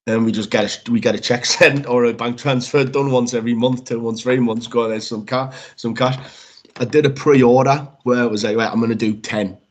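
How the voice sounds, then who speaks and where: A man, a wrestler, chatting casually as a podcast guest, telling lively stories that he acts out and peppering them with swearing. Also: medium pitch. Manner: lively storyteller, swears freely, acts out quotes.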